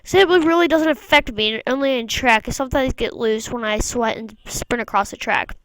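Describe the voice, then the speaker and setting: A woman's voice: on the high side, normal speed, fairly bright tone, no echo, low-quality recording. A woman reading a visual novel aloud, mostly plain narration with the odd wry aside. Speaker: gamer.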